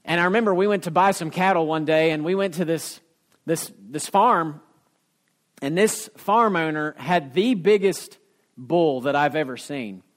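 A man's voice: fairly high pitch, a little slow. A man preaching a sermon as pastor, telling homespun stories and building to emphatic points. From Ohio. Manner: folksy storytelling preacher, rising to emphatic peaks.

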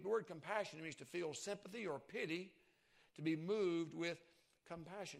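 Gravelly-voiced male preacher. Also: fairly high pitch, moderate pace. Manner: emphatic, swings from soft to loud. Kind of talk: sermon.

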